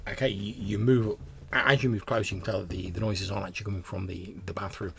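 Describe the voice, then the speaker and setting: A game master narrates a tabletop role-playing scene in a descriptive style, often restarting his phrases. His voice is low and gravelly, with a rough fry. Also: flat delivery, quick pace, a crowd in the background.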